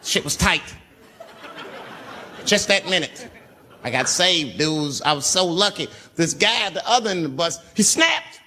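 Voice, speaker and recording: A man's voice: fairly high pitch, big pitch swings, a little slow, pauses often, pushed and bright, slight background noise. A man doing stand-up, telling a profane story with lots of acted-out voices. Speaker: stand-up comedian.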